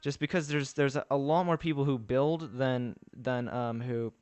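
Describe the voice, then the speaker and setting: A man's voice: medium pitch, fairly even intonation, moderate pace, darkish tone, clean tone, no echo, faint music behind. A man chatting casually on a live stream while he builds, thinking aloud with restarts and answering his viewers' messages.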